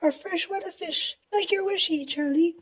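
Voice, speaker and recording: Storybook read-aloud: man in falsetto as a gentle, explaining female teacher, very high. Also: moderate pace. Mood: teacherly. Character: kind patient female schoolteacher.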